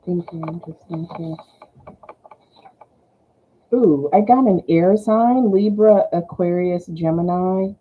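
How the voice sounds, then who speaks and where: Woman, Southern US accent, tarot reader, low voice, slow, tinny phone-like sound. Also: slight background noise. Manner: chatty, giggly, thanks the angels softly. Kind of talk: casual tarot reading.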